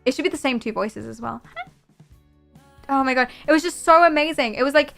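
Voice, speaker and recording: A young woman streamer chatting casually and excitedly to her viewers, gushing and answering chat. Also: high voice, a little fast, vocal fry, faint music behind.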